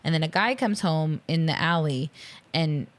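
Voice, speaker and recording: A woman's voice: low-pitched, normal speed. Chatty woman recapping a film. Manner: animated, retells scenes with playful quoted voices. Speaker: podcast co-host. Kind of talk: casual movie recap chat.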